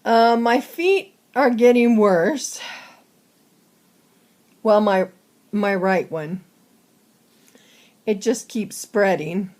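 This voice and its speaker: Woman talking to her channel, out of breath, slow and halting, lots of ums. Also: mid-range voice, darkish tone. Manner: slow, halting, many fillers. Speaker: vlogger. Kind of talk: casual personal update.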